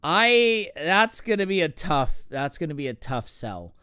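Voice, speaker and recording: A man's voice: a little high, very animated, measured pace, bright, forceful tone, clean tone, no echo, clean studio sound. A man hosting a game stream, chatting casually and getting distracted by his game, with lots of fillers. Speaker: streamer host. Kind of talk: casual chat while gaming.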